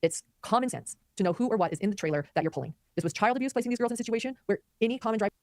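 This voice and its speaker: A woman hosting a live commentary stream, talking quickly and animatedly and reading viewer comments aloud. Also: medium pitch, no room sound, clean studio sound. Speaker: commentary host.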